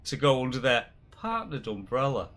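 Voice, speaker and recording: A man runs a live game stream, bantering loosely with friends and laughing frequently as he rambles. His medium-pitched, fairly bright voice is very animated, at a normal speed.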